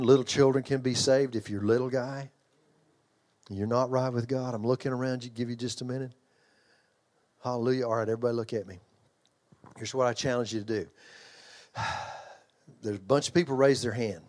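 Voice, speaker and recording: A middle-aged man preaching a sermon in a church, with an altar call and an animated story told with yells and laughter. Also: mid-range voice. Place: church hall.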